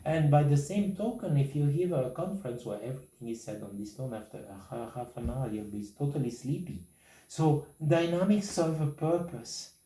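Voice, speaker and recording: A man coaches a pianist in a masterclass, speaking English with non-native phrasing and singing short rhythms to make his points. His voice is dark and mellow. It is picked up from a distance, in a room with audible echo. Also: medium pitch, normal speed. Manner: sings and scats rhythms to demonstrate. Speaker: piano teacher. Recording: roomy, from a distance.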